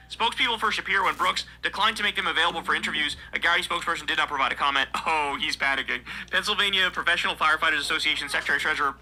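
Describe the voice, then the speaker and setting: A man's voice: on the high side, very fast, hardly any pauses, sharp tone, rough recording. A man reading news aloud and breaking into heated, profane, mocking commentary. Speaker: political commentary streamer.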